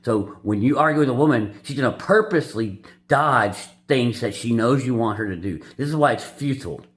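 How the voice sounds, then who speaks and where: A man commenting casually over a court clip, in halting asides with frequent restarts. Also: mid-range voice, expressive. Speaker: channel host commenting on a clip.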